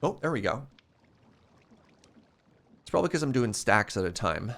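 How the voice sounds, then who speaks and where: A man's voice: medium pitch, big pitch swings, moderate pace, a bit bright. A young adult man thinking aloud in casual commentary while streaming a modded block game. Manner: thinking aloud, rambling and musing.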